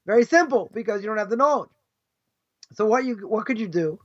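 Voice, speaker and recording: A man's voice: sits high, lively intonation, brisk. A man, a rabbi, giving a conversational Torah class, often tagging his points with "right?" and acting out what other people might say. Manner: conversational, keeps asking "right?"; acts out imagined speakers mid-lecture. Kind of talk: informal Torah lesson. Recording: dull lo-fi live stream.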